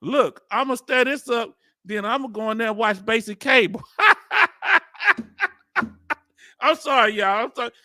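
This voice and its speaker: Animated Southern man reacting, high bright voice. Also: a little fast, no echo, studio quality. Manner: animated, incredulous, street slang, laughs often. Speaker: video host reacting to a hearing. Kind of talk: casual reaction commentary.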